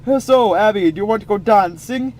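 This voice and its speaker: A man playing a pompous, theatrical posh gentleman who turns scheming. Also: high voice, a little fast, natural voice.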